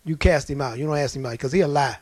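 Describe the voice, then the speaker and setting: Male preacher, high voice, emphatic and colloquial storytelling, dry close recording. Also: fast, a little mellow, husky, no room sound. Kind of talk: sermon.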